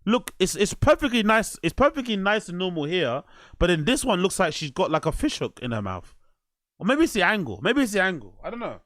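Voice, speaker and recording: A man's voice: sits high, big pitch swings, a little fast, fairly bright tone, no echo, studio quality. A man hosting a reaction show, talking in a crude, rambling way and laughing easily. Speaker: host. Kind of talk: reaction commentary.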